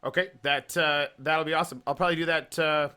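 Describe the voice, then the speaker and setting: A man's voice: fairly high pitch, fairly even intonation, quick pace, pushed and bright, clean tone. A man hosting a podcast, chatting casually, laughing often and stumbling over his words. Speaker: podcast host. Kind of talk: casual chat.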